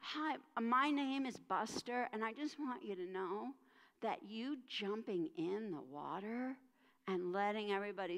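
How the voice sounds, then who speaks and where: A woman voicing a kind, grateful young male dog who speaks softly and earnestly, in a storybook tale in a church with a long hall reverb. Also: mid-range voice, creaky, pitched below the performer's own voice. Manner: soft, earnest, reassuring.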